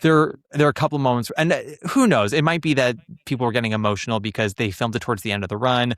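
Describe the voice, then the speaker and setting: A man's voice: medium pitch, racing, no echo. A man hosting a podcast, chatting casually and with strong opinions about theater. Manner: opinionated, animated, trails off and restarts. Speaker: podcast host.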